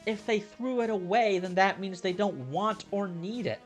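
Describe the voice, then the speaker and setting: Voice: monotone, measured pace, a little mellow, faint music behind, natural voice. A let's play narrator voicing a hostile, petty grouchy old man in a game. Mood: indignant. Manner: shrill, indignant and bickering.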